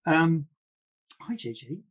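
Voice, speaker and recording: A man with a slightly raised, husky voice answers viewer questions in a loose, chatty live stream. He rambles and drifts into self-deprecating asides. The sound is dull and lo-fi, like a low-grade live broadcast. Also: very animated, slow. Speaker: plastic surgeon hosting a live Q&A.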